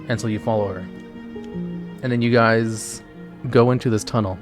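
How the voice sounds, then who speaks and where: A man's voice: medium pitch, moderate pace. A man casually narrating a choose-your-own-adventure game live for his chat, playful and loose. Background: background music.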